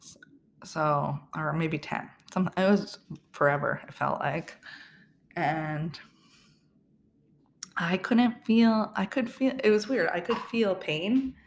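A woman's voice: lowish voice, slow pace, long pauses, slight background noise. A young woman hosting a podcast, chatting casually through a personal story, laughing often and restarting her sentences. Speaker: podcast host.

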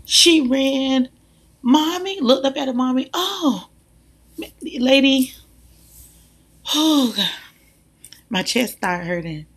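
A woman, a mother, speaking in a casual, animated monologue, talking emphatically and directly to her listeners. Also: high voice, slow pace, pauses often, breathy edge. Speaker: mother sharing views.

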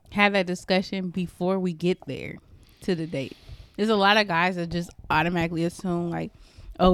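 A woman's voice: on the low side, clean tone. A woman in a casual podcast chat, blunt and outspoken.

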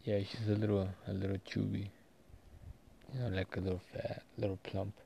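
A man talking casually in a personal vlog, rambling and halting with many fillers and restarts. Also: on the low side, flat delivery, vocal fry, dark tone, slight background noise. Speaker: vlogger.

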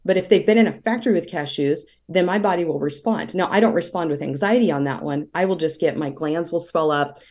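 A woman's voice: lowish voice, brisk, hardly any pauses, a little mellow. A woman being interviewed as a holistic practitioner, telling long stories in a conversational way. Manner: talkative, tells stories at length.

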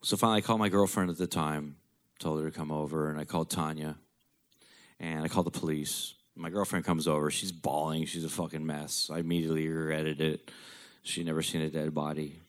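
A man's voice: extremely low pitch, flat delivery, brisk. A man telling a personal story in a blunt, profane, darkly joking way.

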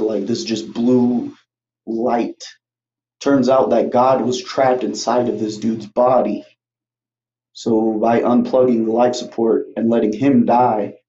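A man's voice: medium pitch, dark tone. A young man casually retelling a movie plot on his podcast, rambling, swearing freely and acting out the characters' lines. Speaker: podcast host. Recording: muffled, roomy home recording.

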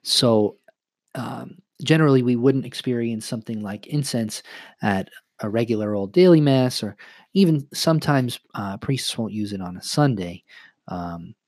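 A man's voice: medium pitch, normal speed, a little mellow, no echo. A man co-hosting a podcast, a priest explaining church practice in a thoughtful way, with many fillers and restarts. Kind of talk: casual explanatory podcast chat.

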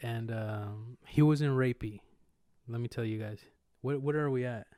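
A man's voice: medium pitch, normal speed, mellow, dry recording, studio quality. A young man co-hosting a podcast, telling rambling, slangy stories and acting out quotes with swearing. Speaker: podcast co-host. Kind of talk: casual storytelling chat.

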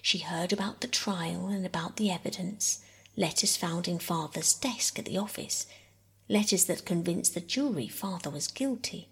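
A woman reading a classic children's novel aloud in a hushed bedtime whisper. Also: on the low side, normal speed, vocal fry, husky. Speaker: audiobook reader. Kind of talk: whispered bedtime story narration.

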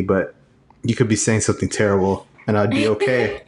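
A man's voice: on the low side, fairly even intonation, a little fast, a little mellow, roomy sound, a little hiss or hum. A young man chatting casually with a friend, rambling and hesitant with lots of fillers. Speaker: friend in conversation. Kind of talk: casual chat.

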